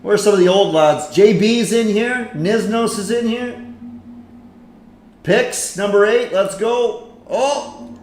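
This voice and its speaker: A man hosting a live stream in casual commentary, chatty and excitable as he reacts to a game. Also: sits high, very slow, pauses often, soft background music. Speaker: livestream host. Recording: echoey room with faint noise.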